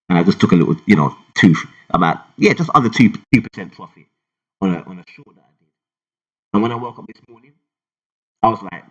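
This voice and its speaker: A man with a London accent talking casually to his viewers in a slangy, rambling way, rising loud and falling low. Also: fast, muffled recording. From England. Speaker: crypto vlogger. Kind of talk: casual talk to camera.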